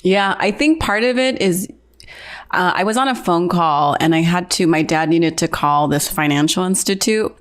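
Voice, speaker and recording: A woman hosts a casual podcast chat in a fairly low voice. She tells stories in a relaxed way. She slips into quick acted voices for the people she quotes. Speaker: podcast host.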